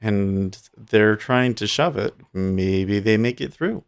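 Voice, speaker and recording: Low creaky guy streaming his trades from a desk full of screens, kinda sleepy and rambly. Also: slow pace. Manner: relaxed, thinks out loud, drowsy and rambling. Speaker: day trading livestream host. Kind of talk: casual live market commentary. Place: home trading desk with large screens.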